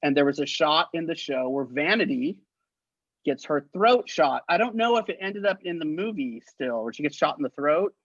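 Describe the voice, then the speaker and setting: A man in his fifties, a guest on an interview, telling stories in a lively way and acting out the people in them. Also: a little high, normal speed, no room sound, highs cut off. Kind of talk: anecdotal storytelling.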